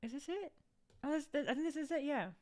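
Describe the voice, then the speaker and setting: Young woman vlogger, slightly high voice, loose, rambling and profane. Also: fast, a little mellow. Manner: chatty, rambling, swears freely. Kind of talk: casual chat to viewers.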